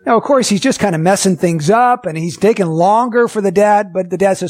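A man preaching a sermon, earnest and emphatic, asking the listeners rhetorical questions and slowing down to stress key words. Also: high-pitched, a little mellow. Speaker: pastor.

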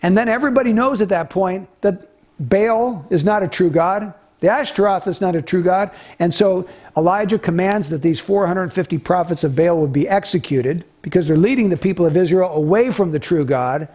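A man's voice: high voice, moderate pace, a little mellow. A man preaching an expository sermon, retelling a story in an earnest way with small restarts.

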